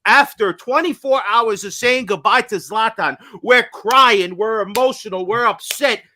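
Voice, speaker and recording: Hyped-up, swearing podcast host. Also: male voice, high-pitched, a little slow. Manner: loud, hyped and profane, ranting. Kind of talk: fired-up podcast talk.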